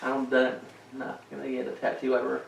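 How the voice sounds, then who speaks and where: A man's voice: mid-range voice, monotone, a little fast, creaky. A man co-hosting a podcast in casual chat, wisecracking, swearing and laughing often. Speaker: podcast co-host. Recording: echoey room, distant mic.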